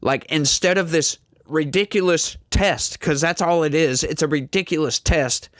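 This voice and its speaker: A man's voice: a little high, moderate pace, a bit bright, no room sound, clean studio sound. A man giving sarcastic, indignant reaction commentary on a political clip.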